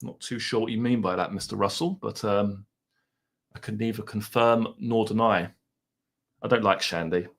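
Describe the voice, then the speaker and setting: A man's voice: fairly low pitch, steady tone, normal speed, gravelly. A middle-aged man with an Essex accent, chatting casually on a livestream, reading out viewers' comments and musing aloud in a self-deprecating way. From Essex, England. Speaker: livestream host. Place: home.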